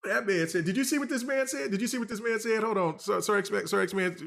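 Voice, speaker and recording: A man's voice: high voice, fast, gravelly, fairly bright tone. A man co-hosting a casual gaming podcast, hyped and slangy, reading out comments from the chat. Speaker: podcast co-host.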